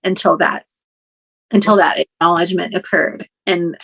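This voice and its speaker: A woman's voice: fairly low pitch, steady tone, normal speed, gravelly, fairly bright tone, husky. A woman podcast guest talks through her thoughts in a casual, reflective chat. She sounds hesitant and searches for words, often repeating herself before she settles on a point.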